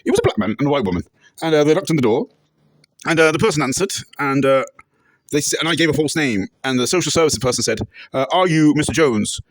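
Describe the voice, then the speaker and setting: A man telling rambling, deadpan, absurd comic anecdotes and breaking into shouted catchphrases. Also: a little high, fast, no room sound. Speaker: comedic interviewee. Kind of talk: deadpan absurd comedy monologue.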